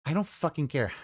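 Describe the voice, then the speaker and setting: A streamer reacting live to a video, with a voice that swings widely up and down. The talk is sarcastic and profane, full of half-started sentences and quick restarts. Picked up on a desk mic. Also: medium pitch. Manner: sarcastic, swears freely, trails off and restarts often. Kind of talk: casual reaction commentary.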